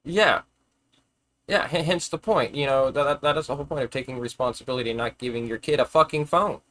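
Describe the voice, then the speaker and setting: A man holds forth on a live stream in a loose, rambling rant. He swears freely and argues his point. He trips over his words and restarts them often, and his voice sits at an ordinary middle pitch. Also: quick pace, fairly bright tone, dry recording. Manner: rambling, profane, argumentative, with frequent stammered restarts. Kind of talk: casual ranting monologue.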